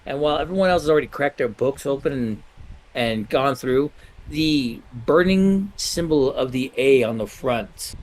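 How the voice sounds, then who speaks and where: A man narrating as game master in a loose, halting way with many self-corrections. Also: medium pitch, slight background noise, poor audio.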